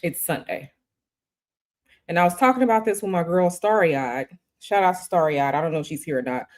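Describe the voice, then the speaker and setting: A woman's voice: on the low side, fairly quick. A woman hosting a tarot livestream from a hotel room, talking casually and chattily to her viewers and repeating herself often. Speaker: tarot reader and livestream host.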